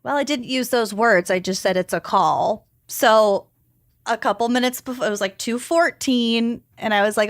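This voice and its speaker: A woman's voice: fairly high pitch, moderate pace, no room sound, studio quality. A woman co-hosting a podcast, telling a story in casual chat and laughing often. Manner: giggly, animated storyteller. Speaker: podcast co-host.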